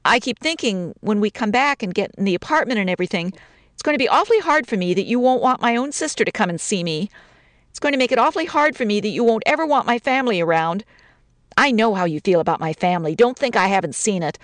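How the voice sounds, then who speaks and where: A touchy young newlywed bride, read by a woman, with a lively, swooping voice. She rattles off quick, sarcastic complaints. The recording is close and dry. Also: mid-range voice, dry recording, natural voice. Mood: aggrieved. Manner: wounded, sarcastic, rapid rambling complaints. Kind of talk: dramatic story reading.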